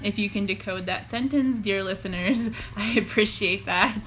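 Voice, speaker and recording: A woman's voice: medium pitch, normal speed, fairly bright tone, slight background noise. A young woman co-hosting a podcast, agreeable and giggly, chatting casually while recapping a TV episode. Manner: agreeable, giggly, keeps saying yes. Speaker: podcast co-host.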